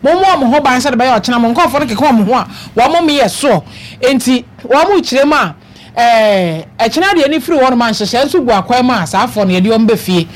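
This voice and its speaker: A woman's voice: on the high side, animated, brisk. Ghanaian woman explaining radio news. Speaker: radio co-host.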